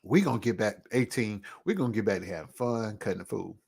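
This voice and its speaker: A man vlogging a personal testimony in an earnest, reflective storytelling manner, casual in speech and at times dropping to a near hush. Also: fairly low pitch, animated, fast, gravelly, breathy edge.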